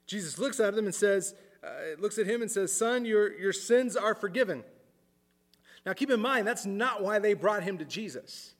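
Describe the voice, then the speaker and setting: A man preaching a sermon in an earnest way, repeating words as he thinks aloud and dropping his voice low for emphasis. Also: lively intonation, normal speed, hardly any pauses, in a large hall. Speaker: pastor.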